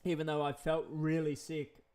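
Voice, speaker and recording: A man's voice: on the high side, monotone, normal speed, darkish tone. A man, chatting in a rambling vlog monologue, repeating himself and chuckling often. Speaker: vlogger.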